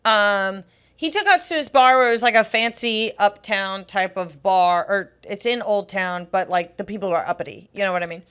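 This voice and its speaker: A woman's voice: medium pitch, moderate pace, smooth. A young woman telling a story in casual podcast chat, laughing often and acting out the people in it. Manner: animated, laughs often, acts out others' voices. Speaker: podcast co-host.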